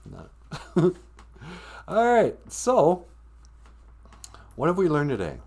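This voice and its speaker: A man's voice: a little high, huge pitch swings, extremely slow, pauses often, darkish tone, breathy edge. Jokey, rambling man telling a story. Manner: rambling, jokey, sing-song asides. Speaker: podcast host. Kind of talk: comedic storytelling.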